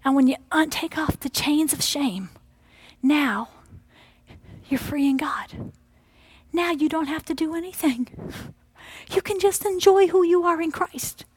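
A middle-aged woman preaching a sermon, animated, dropping to hushed whispers and rising to loud exclamations as she voices the devil and God. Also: high voice, measured pace.

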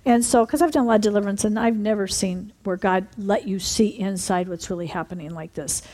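A woman preacher giving an animated sermon testimony, calling out to the congregation for amens. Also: medium pitch, fairly quick. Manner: animated storytelling, asks for amens.

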